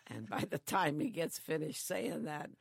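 An older woman who lives in a care home, chatting slowly and telling stories with frequent chuckles. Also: low voice, animated, vocal fry, dry recording, clean studio sound. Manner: slow, chuckling storyteller. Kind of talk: casual chat.

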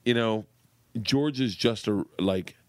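A man in his forties telling funny stories about his daughter in casual podcast chat, animated and profane, laughing as he goes. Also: on the low side, slow, no echo. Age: 40s. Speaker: comedian guest.

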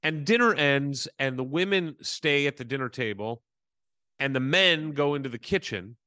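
Animated storytelling man, lively voice. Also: medium pitch, moderate pace, dry recording, clean studio sound. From Southern California. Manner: animated, acts out quoted voices. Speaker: podcast co-host. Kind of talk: casual storytelling chat.

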